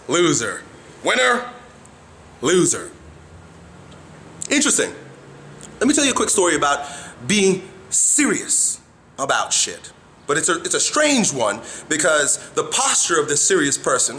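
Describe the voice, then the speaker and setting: A man giving a motivational talk to camera as an animated storyteller who acts out faces and sounds. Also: on the high side, slight background noise. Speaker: motivational vlogger.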